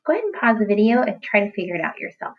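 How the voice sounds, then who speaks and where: A woman's voice: medium pitch, very animated, very fast, dull audio. A woman teaching young children in a recorded lesson, talking in a playful, exaggerated sing-song way. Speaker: kindergarten teacher.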